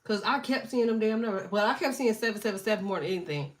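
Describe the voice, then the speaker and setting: A woman's voice: medium pitch, animated, fast. A woman in her thirties with allergies, chatting casually and animatedly as a livestream host, joking, swearing and laughing often.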